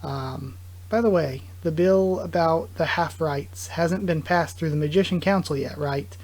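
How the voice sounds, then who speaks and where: A man's voice: on the high side, measured pace, a little mellow. A man hosts a live reaction with a voice sitting a bit above the usual male range. His talk is loose and chatty, full of asides and amused chuckles as he reads dialogue aloud and comments on it. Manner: chatty, amused, laughs often. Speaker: reaction video host.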